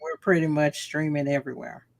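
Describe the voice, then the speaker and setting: Southern woman co-hosting a podcast, georgia accent, lowish voice, laughs a lot, dry close sound. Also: fairly even intonation, fairly quick, gravelly, no echo. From Atlanta, Georgia. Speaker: podcast co-host. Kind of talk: casual chat.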